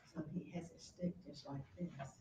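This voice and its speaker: A woman teacher lecturing her class, retelling a play with lively storytelling and acted-out quotes. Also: deep voice, normal speed, background noise. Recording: roomy classroom from a distance.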